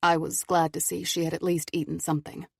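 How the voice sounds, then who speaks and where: Woman, audiobook narrator, measured, low voice, dry recording. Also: flat delivery, gravelly, breathy edge, no room sound. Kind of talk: scripted narration.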